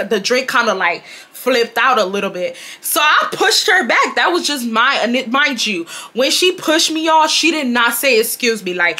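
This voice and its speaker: A young woman tells a storytime to her viewers in a loose, chatty way. Her voice is bright and sits a little high. She curses freely and gets loud when she acts out the quarrel. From Nigeria. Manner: animated, swearing, loud mocking re-enactments of the argument. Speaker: storytime vlogger. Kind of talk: casual storytelling to camera.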